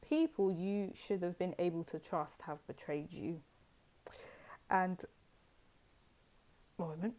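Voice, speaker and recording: A woman with a slightly low voice gives a casual tarot reading straight to her viewers. She talks in a chatty, rambling way, full of fillers and side remarks. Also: mellow. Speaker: tarot card reader.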